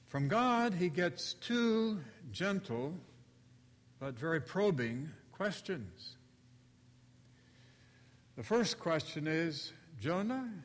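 A man preaches at a very slow, deliberate pace, with a voice a little higher than most men's. He tells the story and acts out its quotes. His words trail off into a long hall reverb. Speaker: pastor. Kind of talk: sermon.

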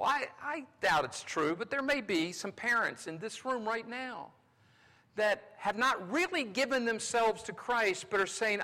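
A male pastor from North Carolina preaching a sermon, swinging between loud exclamations and hushed asides. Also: high-pitched, expressive, a little slow. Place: large church sanctuary. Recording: long hall reverb.

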